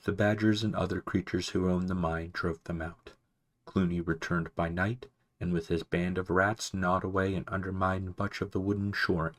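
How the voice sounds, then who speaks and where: A man voicing an ancient male mouse archivist, wise but absent-minded, who talks softly and fussily, barely above a whisper, for a storybook reading. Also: low voice, level tone, normal speed, close to an everyday voice. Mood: doddering. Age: older. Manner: soft, mumbling, fussy, barely above a whisper.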